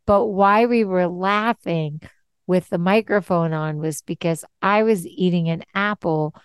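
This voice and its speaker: A woman hosts a relaxed podcast chat, upbeat and prone to easy laughter. She talks slowly and with care. The sound is dry and close, with no room around it. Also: on the low side, clean tone, no room sound. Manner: laughs easily, chatty and upbeat. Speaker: podcast host.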